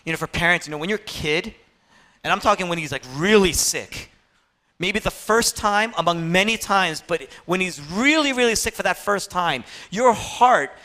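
A male pastor preaching an impassioned sermon, swinging between loud, urgent passages and hushed, quiet ones. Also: sits high.

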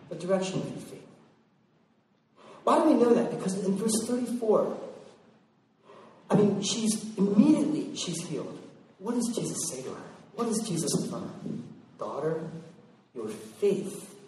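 A male preacher delivers a sermon to his congregation. He tells stories with energy and acts out the voices of the people in them. His fairly high voice rings through a large echoing hall and is picked up from well back. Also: slight background noise. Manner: animated storytelling with acted-out voices. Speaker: pastor. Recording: echoey hall from far off.

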